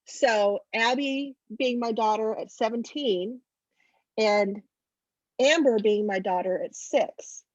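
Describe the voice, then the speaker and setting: A middle-aged woman author in a casual interview over a video call, telling stories in a chatty, animated way. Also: fairly high pitch, takes it slowly, no echo, muffled recording.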